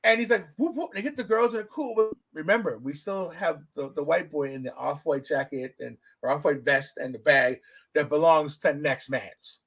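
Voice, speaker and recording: A man hosting a podcast, telling stories in a casual, profane, animated way. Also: normal speed, husky. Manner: animated, profane storytelling with big pitch swings. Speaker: podcast host.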